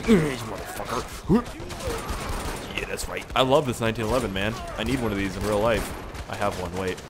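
A young man casually commenting on his gameplay with excitable, profane wisecracks. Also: lowish voice, background noise. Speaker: gaming channel host. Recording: loud gunfire and game audio behind. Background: game gunfire and explosions.

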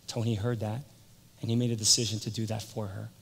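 Storytelling pastor in an echoey hall. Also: male voice, fairly low pitch, level tone, fast talker, creaky, breathy edge. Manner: storytelling, acts out voices, swings from loud to hushed. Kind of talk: sermon. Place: church sanctuary.

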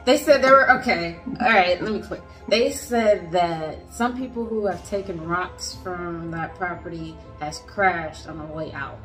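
A woman's voice: fairly low pitch, measured pace, a bit bright, faint music behind. A woman chatting casually in a travel vlog, with a playful, giggly manner. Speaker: travel vlogger. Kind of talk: casual chat.

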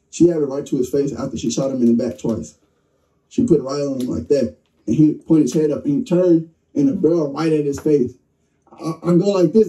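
Young man, interview guest, animated storyteller, darkly toned voice, heard from a distance. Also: a little high. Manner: excited, vivid, acts out quotes.

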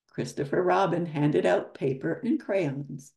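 The older woman telling this story has a deep, warm voice with vocal fry, and she is very animated while keeping a slow pace. She reads a picture book aloud to children, pausing between pages to ask the listener questions.

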